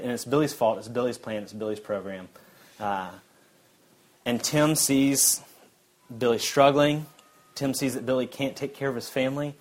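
A man, preaching a sermon in a conversational way that drops to a quiet intensity. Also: mid-range voice, low-quality recording. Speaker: pastor.

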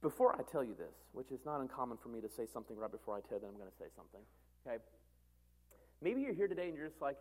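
A man pastor preaching a sermon, animated, swinging between loud emphatic calls and quiet conversational asides. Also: medium pitch, rapid-fire.

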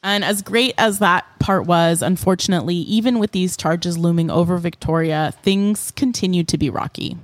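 Woman podcast co-host, low register, dry close mic, chatty storyteller. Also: normal speed, hardly any pauses, no echo. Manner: animated storyteller with many fillers. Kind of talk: casual true-crime chat.

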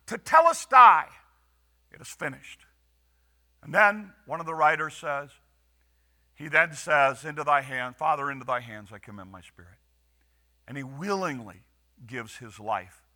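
A man preaching a sermon as pastor, earnest with dramatic pauses and raised quoted lines. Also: sits high, sharp tone.

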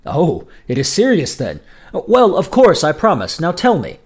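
A guy doing a cheerful young lover, teasing and amused, a bit higher and louder than the reader, lots of lilt. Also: huge pitch swings, unhurried, husky, full character voice. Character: young man in love, lighthearted and amused.

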